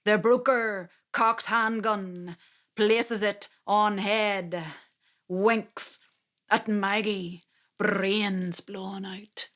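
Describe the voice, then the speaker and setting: A woman performing a dramatic spoken-word story with slow, theatrical delivery. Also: mid-range voice, fairly even intonation, a bit bright.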